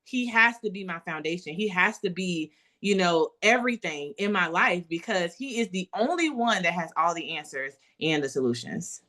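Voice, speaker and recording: A woman with a fairly low but bright, forceful voice speaks in a casual faith discussion. She talks earnestly, with halting restarts. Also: lively intonation.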